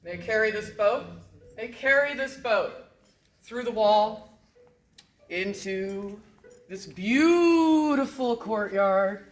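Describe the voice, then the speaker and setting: A woman telling a story live to an audience, in a lively, joking, casual way. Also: mid-range voice, slow, pauses often. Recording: roomy echo.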